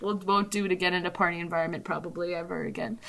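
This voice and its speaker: A woman's voice: lowish voice, level tone, racing, vocal fry, fairly bright tone, a little hiss or hum. A young woman in her twenties telling a rambling, profane party story on a podcast, full of "like" and giggles. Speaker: podcast co-host. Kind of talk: casual storytelling chat.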